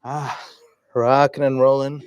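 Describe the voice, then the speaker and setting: A male yoga teacher talks a class through poses and breaths in a calm, easygoing, encouraging way. His voice sits at an ordinary middle pitch. It is recorded dry and close, with no room echo. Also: measured pace, clear, resonant tone, lo-fi sound. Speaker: yoga instructor.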